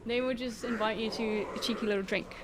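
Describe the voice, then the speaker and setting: Her voice sits a little high with fairly even intonation, and she speaks fairly quickly against a noisy background. She's a woman streaming a game, chatting loosely and laughing often, worn down by the effort of dancing on a dance pad.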